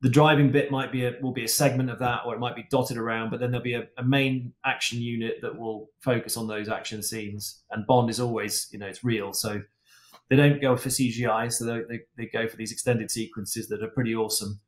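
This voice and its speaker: A man's voice: medium pitch, fairly even intonation, a little fast. A man, a guest stunt and racing driver, telling stories in a chatty podcast conversation full of restarts and fillers. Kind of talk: casual anecdotal podcast talk. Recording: echoey room.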